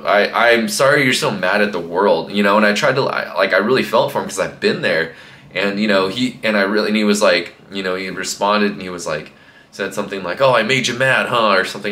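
A young fitness coach talks casually to camera in a low, pushed, bright voice, giving a rambling motivational talk full of fillers. The room is echoey.

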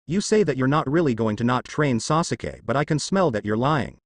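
A man reading the lines of a brash, loud teenage ninja boy in a fan fiction, with a lively, dry delivery. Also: medium pitch, fairly quick, dry recording. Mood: defiant. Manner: shouting, defiant.

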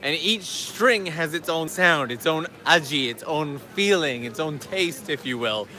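A man's voice: fairly high pitch, animated, measured pace, pushed and bright, soft background music. A man hosting a casual livestream outdoors in a park, chatting and answering viewer questions as he walks. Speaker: livestream host. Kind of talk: casual live-stream chat.

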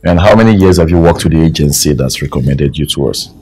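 A man's voice: very deep voice, expressive, fast talker, mellow, rough recording. A man playing a wealthy employer who interviews staff with formal, curt questions.

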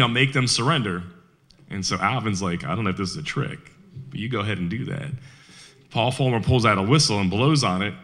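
A man giving a lively storytelling talk about a battle, acting out quick quoted lines of the people in it. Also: mid-range voice. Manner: animated storyteller, quick quoted asides in character. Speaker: historian speaker. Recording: radio broadcast of a live talk.

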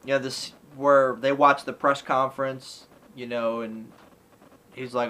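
A man's voice: medium pitch, little pitch movement, a little slow, sharp tone, a little hiss or hum, rough recording. A man casually reviewing a classic film in a rambling way, filling his talk with "you know" and "like" and acting out lines from scenes. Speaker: movie reviewer.

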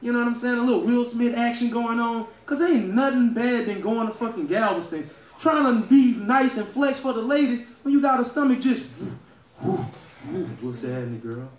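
A male stand-up comedian from Louisiana with a Southern American accent, loud and crowd-working, laughing at his own jokes. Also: very high-pitched, brisk, few pauses, recorded from a distance. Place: comedy club stage. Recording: echoey club room, heard from afar.

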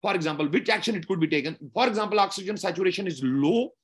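A man's voice: high voice, lively intonation, very fast, breathy edge. A man teaching a medical exam lecture, explaining step by step and often checking with "okay?".

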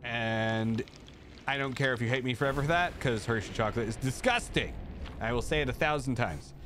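A man's voice: fairly quick, background noise. A man hosting a live stream, chatting casually and rambling as he reads and answers his chat. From United States. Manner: chatty and rambling, jumping up high when thanking viewers.

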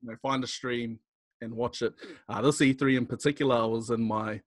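A young New Zealand man chatting as a podcast guest, swept up in his own stories and quick to laugh. His voice sits at an ordinary middle pitch and sounds close and dry, with no room around it. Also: dry recording. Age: young adult. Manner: animated, laughing storyteller. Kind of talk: casual chat.

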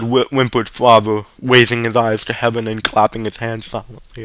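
A man reading a short story aloud, steady but stumbling now and then. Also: on the low side, moderate pace, hardly any pauses, no echo. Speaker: reader.

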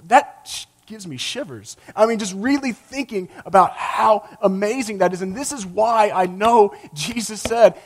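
A man preaching a sermon with passion, rising to loud emphatic peaks and dropping to a low, quiet voice, sometimes acting out quoted lines. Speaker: pastor.

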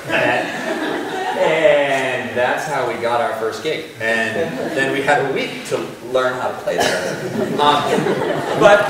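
A man giving a keynote speech, telling a story in an animated way, laughing often and repeating words. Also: medium pitch. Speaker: keynote speaker. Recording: echoey hall, mic from a distance, faint noise.

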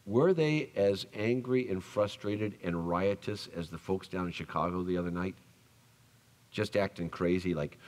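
A male pastor preaching a sermon, telling the story with animated acted-out voices and dropping soft for tender lines. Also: low-pitched, unhurried. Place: church sanctuary. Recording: long church reverb.

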